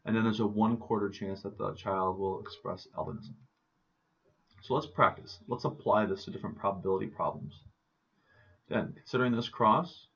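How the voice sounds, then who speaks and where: A man's voice: on the low side, gravelly, a bit bright, slightly rough, dull audio. A man teaching a recorded biology lecture, talking through examples conversationally with rhetorical questions and fillers.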